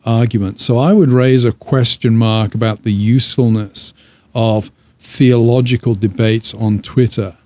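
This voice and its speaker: A man co-hosting a podcast in casual conversation, measured and wry with firm opinions. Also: medium pitch, fairly even intonation, warm tone. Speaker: podcast co-host.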